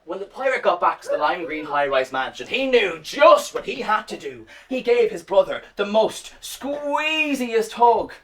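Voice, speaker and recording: A woman telling a story to children at a live event, warm and speaking directly to her young listeners. Her pitch rises and falls in a lively, animated way. She sounds like she is performing in a home or school. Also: unhurried, few pauses, far from the mic. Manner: warm, sing-song, directly addressing children.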